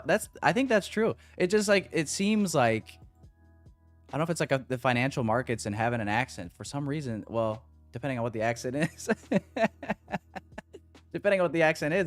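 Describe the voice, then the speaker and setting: An American man hosting a trading livestream, chatting casually and reading comments from the chat. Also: medium pitch. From United States.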